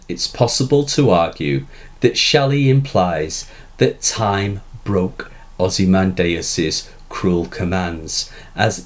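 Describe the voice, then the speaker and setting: A male literature teacher talks through a poem at an unhurried pace. His fairly low voice rises and falls in a lively way, and he leans hard on the quoted lines. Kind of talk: scripted lecture narration.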